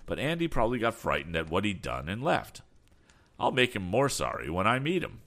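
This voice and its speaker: A man's voice: lowish voice, huge pitch swings, brisk, a bit bright, exaggerated voice. A man reading an audiobook, voicing an eager young male inventor a little above his own voice.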